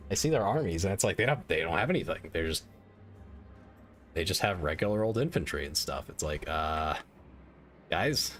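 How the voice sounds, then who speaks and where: Deep-voiced man chatting through a game stream. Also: lively intonation, moderate pace, long pauses, fairly bright tone, soft background music. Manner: rambling and self-mocking, many "like" fillers. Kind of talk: casual gaming stream chat.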